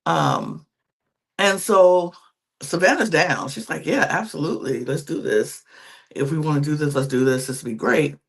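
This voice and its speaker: A woman co-hosting a podcast, casually recapping a TV episode, quoting the people in it in quick acted asides and giving emphatic, exasperated opinions. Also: sits low, big pitch swings, creaky. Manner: chatty, quotes contestants in quick acted asides. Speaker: podcast co-host.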